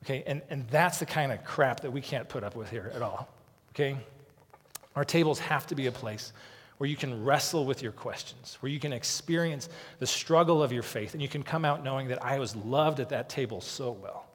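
Male pastor, mid-pitched voice, earnest preaching style, long hall reverb. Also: fairly quick, slightly rough. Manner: earnest, repeats words when starting sentences. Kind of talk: sermon.

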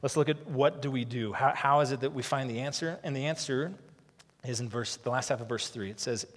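A man's voice: mid-range voice, fairly quick, long reverb tail. A man preaching a sermon as pastor, earnest and conversational, often repeating words as he starts sentences.

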